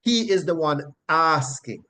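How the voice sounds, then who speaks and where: A man's voice: on the high side, animated, takes it slowly, pushed and bright. A man teaching a Bible study, emphatic and repetitive, checking in with "right?" and chuckling as he explains. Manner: chuckles often while explaining.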